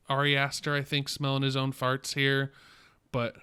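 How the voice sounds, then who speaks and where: A man co-hosting a casual film review podcast, measured and critical, thinking aloud. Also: mid-range voice, flat delivery, sharp tone, clear, resonant tone.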